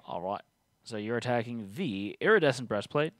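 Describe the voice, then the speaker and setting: A man's voice: medium pitch, animated, moderate pace, fairly bright tone, dry recording. A man hosting a tabletop game stream, reading rules aloud and teasing his co-player. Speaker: game host. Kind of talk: casual tabletop game play.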